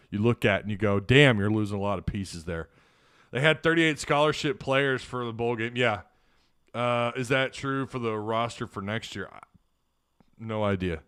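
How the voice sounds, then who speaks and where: Male host, casual live sports chat, rambling and opinionated, smooth voice, dry close sound. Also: fairly low pitch, fairly bright tone, no room sound. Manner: rambling, opinionated, frequent restarts.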